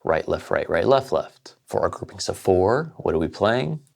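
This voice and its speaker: A man with a very low, gravelly voice teaches a casual drum lesson. He walks through sticking patterns step by step and counts the beats out loud, in a relaxed, informal way. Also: normal speed. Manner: explains step by step, counts aloud.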